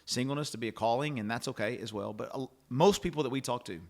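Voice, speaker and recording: A man's voice: mid-range voice, quick pace, gravelly. A middle-aged man hosting a casual faith-based chat, rambling and restarting, acting out quoted lines. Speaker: podcast host.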